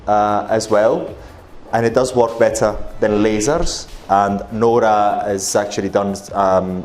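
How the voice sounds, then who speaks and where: A man's voice: on the low side, a little mellow. A man with an Italian accent giving a chatty, joking presentation at a conference, with many fillers and restarts. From Italy. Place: conference hall.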